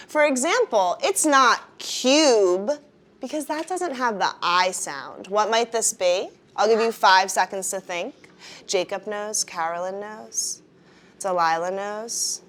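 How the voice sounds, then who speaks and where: A woman teaching a first-grade phonics lesson in a classroom, leading the class in call-and-response. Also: mid-range voice. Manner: animated, drawn-out teacher voice with call-and-response prompts.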